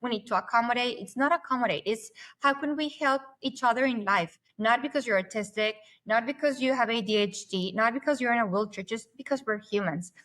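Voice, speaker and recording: A woman, a podcast guest who talks fast and at length in animated conversation. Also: on the high side.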